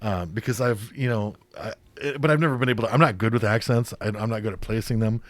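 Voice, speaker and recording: A man's voice: fairly low pitch, fast talker, no echo. A man co-hosting a podcast in casual chat, rambling with many fillers and frequent swearing. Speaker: podcast co-host.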